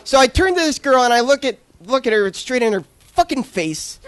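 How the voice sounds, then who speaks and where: High-voiced young man doing stand-up. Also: big pitch swings, normal speed, a bit bright, clean tone. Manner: self-deprecating, awkward storytelling with crude jokes. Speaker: stand-up comedian. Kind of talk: stand-up comedy set. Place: comedy club stage with audience laughter.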